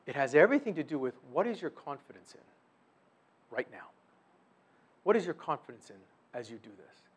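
A man preaching a sermon in a high, lively voice that climbs and falls across a wide range. He swings from loud, emphatic bursts to quiet drops and acts out imagined prayers and voices as he goes. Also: a little fast, husky. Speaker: pastor.

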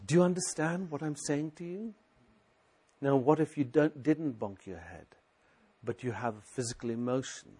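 A man's voice: medium pitch, moderate pace, warm tone, husky. A man preaching a sermon, urging his listeners with repeated rhetorical questions and scripture recited aloud. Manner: exhorting, repetitive, rhetorical questions.

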